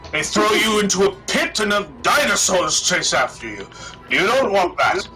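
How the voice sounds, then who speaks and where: A man voicing an excitable, rambling older male guide who talks fast and fussily, trailing off mid-thought. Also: sits high, soft background music, rough recording. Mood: warning. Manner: fast-talking, fussy, trails off.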